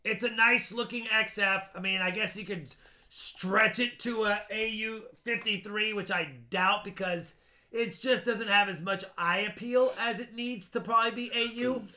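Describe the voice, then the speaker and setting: A man's voice: high voice, fairly even intonation, normal speed, sharp tone. A man hosting a live coin auction stream, chatting casually as he appraises coins in loose, run-on talk.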